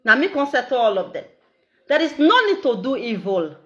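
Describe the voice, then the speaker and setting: A middle-aged Nigerian woman with an Edo accent, talking in a casual, animated, repetitive way and laughing often. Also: fairly high pitch, normal speed, highs cut off. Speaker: social media live streamer. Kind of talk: casual monologue in Pidgin and Edo.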